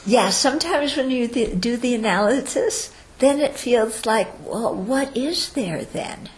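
A woman's voice: on the high side, expressive, measured pace, slight background noise. A woman giving a Buddhist teaching to students, explaining step by step and often checking in with "okay?". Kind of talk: dharma talk to students. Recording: roomy echo.

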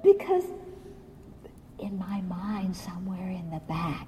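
A woman giving a Buddhist dharma talk, animated and self-mocking, often laughing at her own stories. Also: medium pitch, measured pace, in a large hall, a little hiss or hum, low-quality recording. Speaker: Buddhist teacher.

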